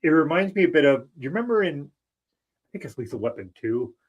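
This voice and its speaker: A man co-hosting a podcast in casual chat, animated and laughing often as he wanders onto tangents. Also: on the high side, a little fast. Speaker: podcast co-host.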